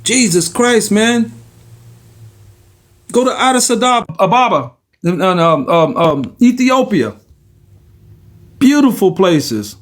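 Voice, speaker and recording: A man's voice: sits high, sing-song, slow, long pauses. A man from the United States ranting casually to his viewers, rambling and repetitive, often calling them "y'all" and stumbling over words. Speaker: vlogger. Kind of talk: casual direct-to-camera rant.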